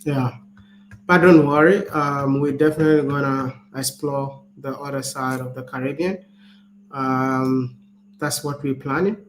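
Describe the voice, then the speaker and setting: A Ghanaian man, a travel vlogger with a Ghanaian accent, chatting casually and animatedly, often restarting his words. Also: mid-range voice. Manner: animated, laughs often, repeats words when starting. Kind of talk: casual chat. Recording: echoey room, faint background noise.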